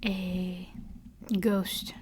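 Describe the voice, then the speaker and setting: A woman's voice: lowish voice, level tone, drawn-out words, a little mellow, slight background noise. A woman co-hosting a casual chat. She is playful, chimes in with her own comparisons and laughs easily.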